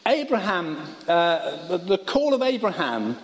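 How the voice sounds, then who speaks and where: A man's voice: high voice, sing-song, a little slow. A man preaching a sermon in a college worship service, talking in a conversational way with humorous asides. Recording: long reverb of a hall.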